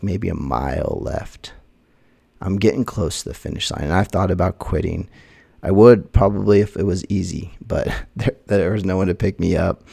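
A man hosting a podcast, telling a personal story in an earnest, halting way, often restarting his sentences and speaking with quiet emotion about faith. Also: low-pitched, creaky, slightly rough. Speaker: podcast host.

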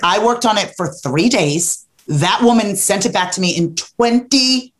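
A middle-aged woman, a podcast guest, telling stories in a relaxed interview and acting out her own past remarks with emphasis. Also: mid-range voice, measured pace, very noisy. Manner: animated, emphatic storytelling with acted-out quotes. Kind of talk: casual interview storytelling.

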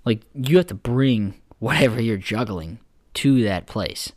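A man's voice: medium pitch, expressive, measured pace, no echo, clean studio sound. A man co-hosting a podcast, joking around in casual banter and swearing freely. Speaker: podcast co-host. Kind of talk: casual chat.

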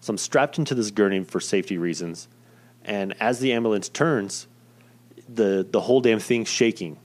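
A man's voice: on the low side, normal speed. A young man casually telling a personal story in a rambling, profane, self-deprecating way.

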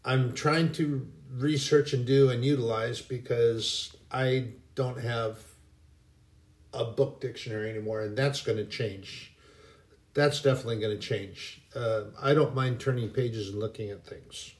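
A man giving a casual devotional talk in a folksy, rambling way, with many pauses and restarts. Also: medium pitch, fairly even intonation. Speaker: Christian speaker.

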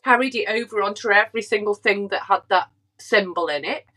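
A woman guesting on a podcast, speaking haltingly and restarting her sentences. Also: mid-range voice, bright, forceful tone. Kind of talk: casual chat.

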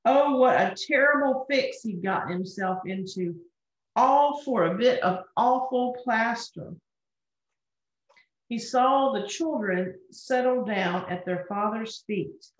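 Slow, gentle woman reading a children's story. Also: mid-range voice. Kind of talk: children's story read aloud. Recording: roomy, dull lo-fi recording.

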